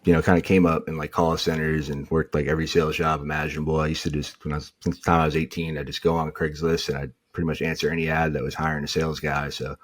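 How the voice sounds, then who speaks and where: Very deep, husky-voiced man telling stories. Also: fast, hardly any pauses. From New England, US. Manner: animated, acts out quotes of others. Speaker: podcast guest. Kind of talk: casual storytelling.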